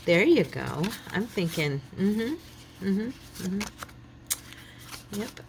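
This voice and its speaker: A woman's voice: mid-range voice, big pitch swings, extremely slow, noisy background. A woman hosting a craft channel, chatting casually to her viewers and thinking aloud as she works, a little silly and self-deprecating. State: yawning, relaxed.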